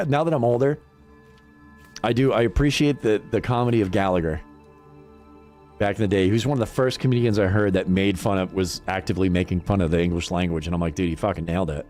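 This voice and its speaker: A man's voice: mid-range voice, a little mellow. A middle-aged man chatting casually on a livestream, rambling and swearing, laughing often. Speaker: livestream gamer. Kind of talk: casual chat to stream chat.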